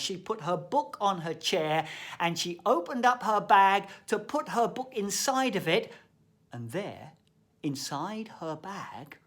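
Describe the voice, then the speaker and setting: Slow, expressive male storyteller. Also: fairly high pitch. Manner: slow, expressive storyteller, often drops to a whisper. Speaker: shamanic practitioner and storyteller. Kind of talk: reflective thought-for-the-day talk with storytelling.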